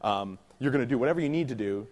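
A man's voice: mid-range voice, animated, a little mellow. A man running a puppy class, explaining dog training in a casual, conversational way and acting out little scenes. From California. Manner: conversational, acts out little scenes with quick voices. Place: indoor training class room.

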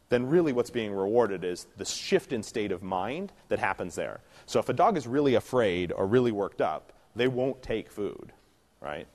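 Man, low voice, dog trainer, casual class talk, acts out scenes. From California. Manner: conversational, acts out little scenes with quick voices. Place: indoor training class room.

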